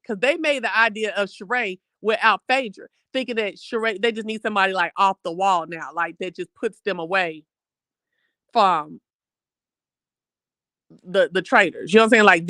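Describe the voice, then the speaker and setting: A chatty live-stream host recaps a reality show, animated and casual, calling the viewers "baby.". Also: mid-range voice, no echo. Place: home streaming setup.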